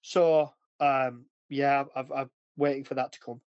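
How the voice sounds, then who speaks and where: A man's voice: mid-range voice, little pitch movement, measured pace, darkish tone, no echo, dull audio. A man hosting a podcast in casual chat, rambling and chatty, often restarting sentences. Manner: rambling, chatty, often breaks into acted quotes. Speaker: podcast host.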